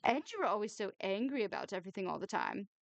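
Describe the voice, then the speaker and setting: A woman's voice: mid-range voice, huge pitch swings, fast, vocal fry, no echo, muffled recording. A woman voicing a tactless, gossipy woman at a wedding, prying and gushing in a raised, emphatic voice. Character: tactless gossipy woman, early thirties, nosy.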